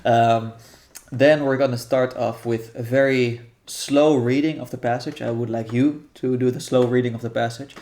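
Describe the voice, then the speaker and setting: A man calmly explaining how a guided meditation practice will go, thinking aloud with frequent restarts. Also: medium pitch, a little hiss or hum. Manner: thoughtful, halting, many restarts and fillers. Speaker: guest guiding a meditation practice. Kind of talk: explaining a practice in casual conversation.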